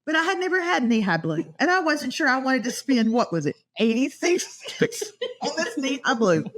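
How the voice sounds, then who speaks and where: A woman hosts a relaxed podcast chat with old friends. She tells stories with a high voice that swings widely up and down. She laughs often as she talks. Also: moderate pace. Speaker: podcast host. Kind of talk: casual storytelling among friends.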